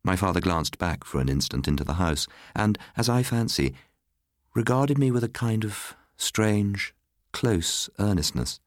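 A man with a low voice reads a story aloud, and his pitch rises and falls with feeling. He is recorded close and dry, with no room echo. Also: measured pace. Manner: expressive storyteller reading. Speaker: narrator. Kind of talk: scripted storybook narration.

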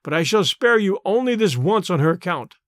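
Cold deadly jungle-raised strongman, read by a guy, threatening, higher pitch. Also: lively intonation, a little fast, a bit bright, dry recording, studio quality. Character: powerful wild-raised man, cold and deadly.

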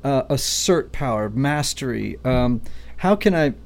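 A man's voice: mid-range voice, expressive, a little slow, vocal fry. A man hosting a podcast interview who explains personality types like a teacher, often checking in with his guest. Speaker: podcast host and Enneagram teacher.

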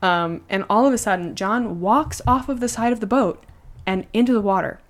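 A woman's voice: medium pitch, moderate pace. A woman hosting a podcast, casually retelling a true story with lots of conversational fillers. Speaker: podcast host.

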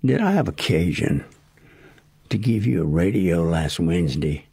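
A man doing a quietly menacing caller, calm and coldly polite, low and gravelly, each word measured. He quotes him in the middle of his own story. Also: no echo, clean studio sound, exaggerated voice.

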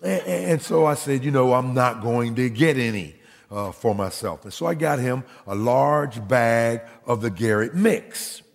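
Gravelly pastor preaching with long hall reverb. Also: male voice, mid-range voice, a little slow. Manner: animated, rises to near shouting in stories. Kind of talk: sermon storytelling.

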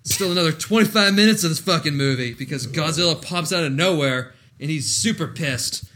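A man's voice: a little high, a little fast, pushed and bright. A man co-hosting a casual podcast, recapping a movie plot with profane, ranting commentary. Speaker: podcast co-host reviewing a movie. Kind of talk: casual movie-riff chat.

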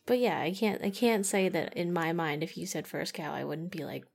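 A woman's voice: lowish voice, brisk, creaky, a little mellow. A woman co-hosting a casual late-night podcast, teasing with a dry sense of humor. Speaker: podcast co-host.

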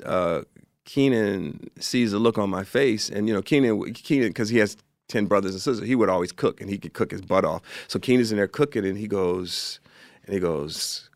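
Animated man telling stories, dry studio sound. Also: lowish voice, no room sound. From Chicago. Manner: animated, acts out the people in his stories. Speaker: guest, actor and filmmaker. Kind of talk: storytelling in a podcast interview.

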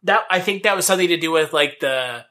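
A male podcast co-host with a slightly raised voice and a bright, forward tone. He talks casually, leaning on fillers and hedging as he remembers things. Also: a little high, fast. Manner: loose, hedging with many fillers.

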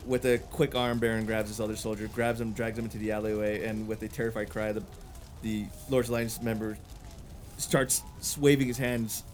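A man's voice: lowish voice, little pitch movement, a little fast. Casual male game master narrating. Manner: filler-heavy, casual.

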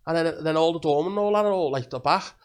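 A man's voice: a little high, quick pace. A man telling a rambling, crude holiday story on a podcast, laughing and swearing as he goes. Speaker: podcast guest. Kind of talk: casual chat, storytelling.

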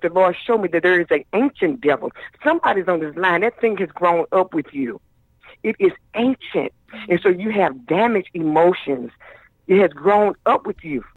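A man's voice: high voice, husky, dry recording. A man calling in as a guest minister on a radio show, preaching with fervent cadence and calling listeners "baby". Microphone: telephone. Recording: tinny phone line.

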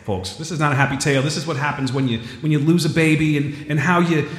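A man's voice: a little high, fairly even intonation, fast, echoey room, big-room sound. A man co-hosting a podcast, chatting casually and joking about his movie award picks. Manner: joking, self-mocking banter. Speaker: podcast co-host.

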